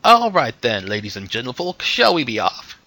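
A man's voice: mid-range voice, huge pitch swings, moderate pace, sharp tone, voice pushed up, full character voice. A man voicing a cheerful, unflappable silver-haired older man with a pleasant, folksy manner. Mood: breezy.

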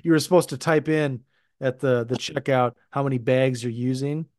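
A man's voice: medium pitch, steady tone, normal speed, a little mellow, dry recording, clean studio sound. A man from the United States hosting a podcast, chatting casually and laughing often. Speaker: podcast host. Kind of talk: casual chat.

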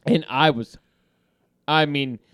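A man's voice: a little high, takes it slowly, clean tone, no room sound, studio quality. A man hosting a podcast, telling a heated story with lots of swearing and laughter in casual banter. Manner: animated storytelling with profanity and laughter. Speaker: podcast host.

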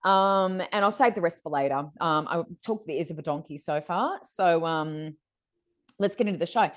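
A middle-aged woman co-hosting a podcast, telling stories in a chatty, animated way and acting out other people's lines. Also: on the low side, normal speed. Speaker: podcast co-host. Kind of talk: casual storytelling chat.

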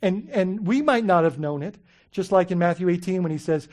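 A pastor preaching a sermon in an animated, conversational way, asking the listeners many questions and often saying "you know" and "right?". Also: mid-range voice, a little fast.

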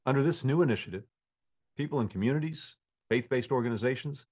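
A man giving a measured, formal prepared statement as a government official. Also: mid-range voice, darkish tone, dull audio.

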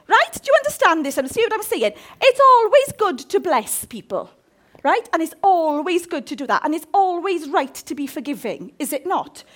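A woman in her fifties preaching a sermon, impassioned and jokey. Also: high-pitched.

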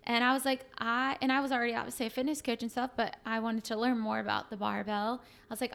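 A young woman talks in a relaxed, chatty way, scattering fillers through her sentences. Her voice sits a bit high and carries a gravelly fry. She speaks as a fitness coach guesting on a podcast. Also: fast, hardly any pauses. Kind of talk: casual emotional conversation.

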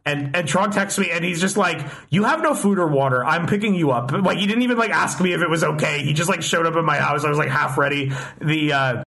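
A man's voice: fairly high pitch, sharp tone. A young man telling a long story in casual chat, rambling with many restarts and frequent swearing.

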